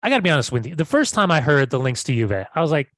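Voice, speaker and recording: Animated man chatting casually. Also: a little high, racing, no echo, clean studio sound. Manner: animated, repeats words when starting sentences. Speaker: podcast co-host. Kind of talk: casual podcast chat.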